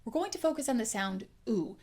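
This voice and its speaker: A woman accent coach with a slightly high voice explains accent features in a clear, instructive way. She stops often to model single sounds and words. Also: very animated, fairly quick, darkish tone. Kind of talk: explanatory lesson.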